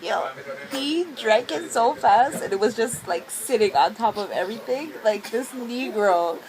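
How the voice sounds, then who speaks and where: A young woman vlogging casually at night, giggly and excitable, talking in bursts into a handheld camera. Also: fairly high pitch, a little slow, a crowd in the background, rough recording. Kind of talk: casual vlog chat. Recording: music playing in background.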